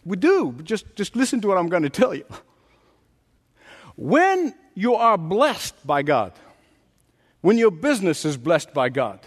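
A pastor delivers an emphatic sermon, stacking repeated phrases and building to points. His voice sits high for a man and leaps wildly up and down in pitch. The sound rings with the long reverb of a large sanctuary. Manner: emphatic preaching with dramatic pitch swings and repetition.

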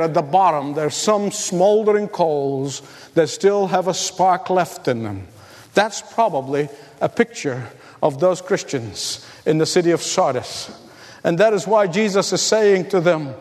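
High-voiced preacher man in a big hall. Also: darkish tone. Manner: preaching with rising emphasis and repeated calls. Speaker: pastor. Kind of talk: sermon.

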